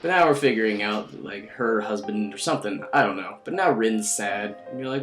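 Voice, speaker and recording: A man's voice: lowish voice, a little fast, few pauses, a bit bright, faint music behind. A young man giving a rambling, sarcastic, crude recap of a game as the host of his own video. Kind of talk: casual game recap commentary.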